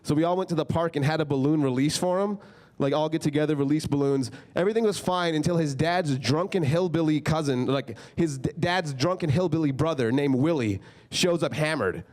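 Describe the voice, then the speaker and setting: With a slightly high, slightly mellow voice and a fairly quick pace, a young comic tells stories on a comedy club stage. The delivery is casual and loose, crowded with filler words and lots of "like."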